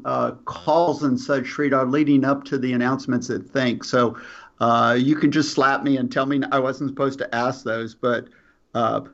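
A man's voice: medium pitch, a bit bright, highs cut off. A man co-hosting, handing questions to a guest in a friendly, hesitant way with "um" and "uh". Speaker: co-host. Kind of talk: casual interviewing.

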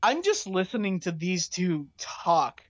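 A woman's voice: lowish voice, very animated, measured pace, no room sound. A young woman telling a funny story in casual chat, laughing often and using lots of fillers. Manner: giggly, storytelling with many fillers. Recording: dull lo-fi dry sound.

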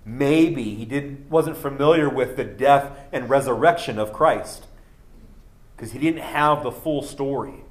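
A man's voice: mid-range voice, a little slow. A man preaching a sermon, earnest and building to emphatic peaks, with a cough. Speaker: pastor.

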